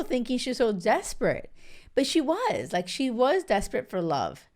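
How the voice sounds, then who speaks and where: A woman vlogger giving an animated, emphatic casual recap, full of filler words. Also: medium pitch, moderate pace.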